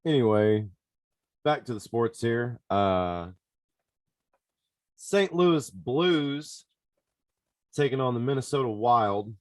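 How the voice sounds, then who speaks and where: A man hosting a podcast, giving sports betting picks in an excitable, casual way and talking straight to his listeners. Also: medium pitch, slow pace, long pauses, no echo, clean studio sound. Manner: excitable, talks to listeners directly. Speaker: podcast host.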